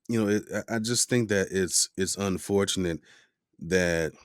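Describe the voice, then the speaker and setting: A man hosting a podcast interview in casual chat, lively and fond of mimicking voices in his stories. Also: low-pitched, moderate pace, smooth, no echo, clean studio sound. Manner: animated, mimics voices in anecdotes. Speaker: podcast host.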